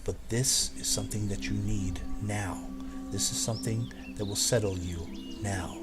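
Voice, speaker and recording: A man voicing a hushed, solemn goddess over music. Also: lowish voice, fairly even intonation, natural voice. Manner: slow, hushed, measured prophetic delivery. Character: serene, solemn goddess woman bestowing blessings. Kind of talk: improvised tabletop role-play. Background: background music.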